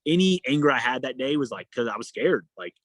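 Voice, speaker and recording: A man's voice: animated, brisk, a bit bright, no room sound, poor audio. A man telling a long story in a casual interview, rambling with many fillers and acting out what people said. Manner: rambling, many fillers, acts out quotes in a higher voice. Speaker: endurance athlete guest.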